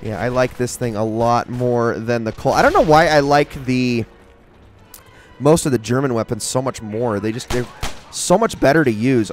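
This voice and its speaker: A young man giving casual, excitable commentary while playing a shooter game, talking to himself and the enemies. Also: medium pitch. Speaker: gaming channel host.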